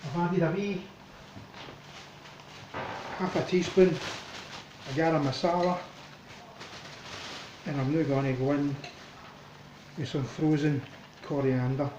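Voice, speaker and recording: A man with a Scottish accent chatting casually as he cooks in his home kitchen, thinking aloud in a relaxed way. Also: fairly high pitch, slow, long pauses, reverberant, noisy background. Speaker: cooking vlogger. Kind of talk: casual cooking commentary.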